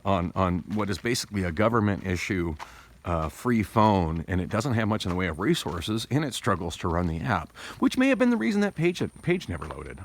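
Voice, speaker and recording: Man, deep voice, rambling vlog chat, restarts and digressions, talking through tooth pain, phone recording. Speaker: vlogger. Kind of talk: casual rambling vlog monologue. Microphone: phone camera.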